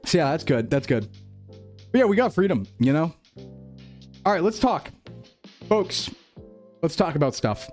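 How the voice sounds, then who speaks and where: A man's voice: on the high side, big pitch swings, measured pace, pauses often, darkish tone, soft background music. A young man streaming as a VTuber, chatting reflectively and rambling, repeating phrases and laughing often. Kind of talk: reflective casual stream chat.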